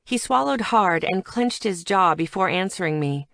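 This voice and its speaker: A woman reading a first-person audiobook in an even, conversational storytelling manner. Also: medium pitch, normal speed, gravelly, few pauses, no room sound, studio quality. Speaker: audiobook narrator.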